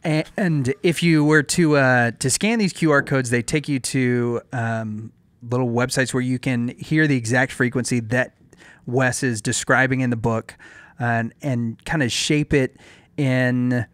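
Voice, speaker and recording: A man's voice: mid-range voice, steady tone, a bit bright, smooth, dry recording. A man co-hosting a podcast, telling stories in a chatty, joking way. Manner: chatty storyteller, quick to joke. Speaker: podcast co-host. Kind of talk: casual podcast chat.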